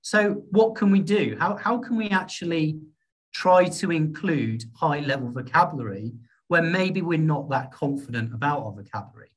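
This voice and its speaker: A man with a British accent giving an online exam-prep speaking workshop in a lively, encouraging way, often checking in with the class. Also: fairly high pitch, moderate pace. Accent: British English. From Britain. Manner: lively, encouraging, checks in with "okay?" and "all right?". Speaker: IELTS speaking teacher.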